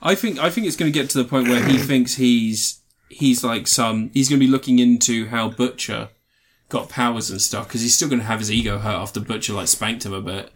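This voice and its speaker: A man co-hosting a relaxed podcast. He laughs a lot as he talks and keeps breaking into silly character voices to act out his stories. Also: medium pitch, a little fast. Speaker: podcast co-host. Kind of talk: casual chat.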